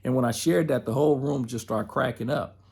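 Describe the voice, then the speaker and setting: Gravelly, husky male podcast host. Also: mid-range voice, fairly quick, darkish tone. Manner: conversational, addresses listeners as folks, acts out inner dialogue. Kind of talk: motivational podcast talk.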